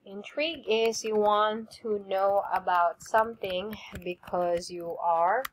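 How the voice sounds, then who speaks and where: A woman's voice: medium pitch, slight background noise. A woman teacher with a Filipino English accent, leading a recorded vocabulary lesson and having students repeat each word after her. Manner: slow, clear drilling with repeat prompts.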